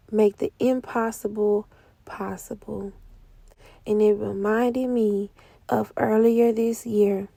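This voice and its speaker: High-voiced woman giving slow emotional testimony. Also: dry recording. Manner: emotional, swings from hushed whispers to loud cries; speaks slowly with heavy pauses. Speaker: prophetic speaker. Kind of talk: testimony sermon.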